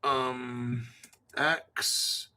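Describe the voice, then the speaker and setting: A man's voice: mid-range voice, level tone, drawn-out words, sharp tone. A man hosting a casual crypto livestream, rambling through long lists of names and swearing freely as he chats with viewers. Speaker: crypto show host.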